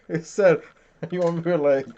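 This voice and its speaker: Man in his thirties, podcast host, casual and profane, laughs a lot, slightly high voice, muffled lo-fi recording. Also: dark tone. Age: 30s. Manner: profane, joking storyteller who laughs often. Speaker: podcast host reading chat comments. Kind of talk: casual chat. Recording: dull lo-fi sound.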